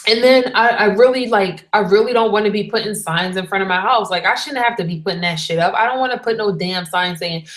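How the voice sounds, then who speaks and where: A woman's voice: medium pitch, a little fast, few pauses, fairly bright tone, echoey room. A young woman venting in a blunt, exasperated rant to her camera, swearing freely as she tells her story. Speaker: vlogger.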